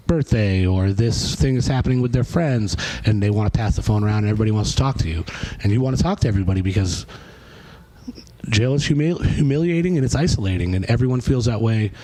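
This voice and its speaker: A man's voice: lowish voice, poor audio. A man, a podcast guest who tells a long story casually, swearing freely and acting out what people said. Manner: animated, profane storytelling with acted-out quotes. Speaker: podcast guest, hardcore singer.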